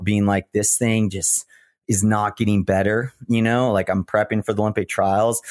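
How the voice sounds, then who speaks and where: A man's voice: fairly low pitch, darkish tone, no echo, studio quality. A man in his thirties, a retired runner telling earnest, reflective stories in a podcast interview. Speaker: guest, retired marathon runner.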